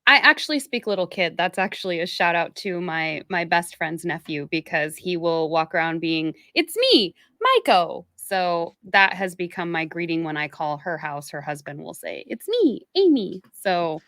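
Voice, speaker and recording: A woman's voice: on the low side, normal speed, few pauses, bright, forceful tone, no room sound, studio quality. A woman co-hosting a podcast in casual chat, wry and playful, laughing easily. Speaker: podcast co-host.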